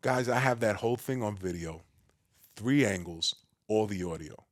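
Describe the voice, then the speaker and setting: A man from the Bronx with a New York accent, a podcast guest telling his story in a big, loud, boisterous way. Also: normal speed, no echo, studio quality. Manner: acts out quoted voices with a raised pitch. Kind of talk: casual storytelling conversation.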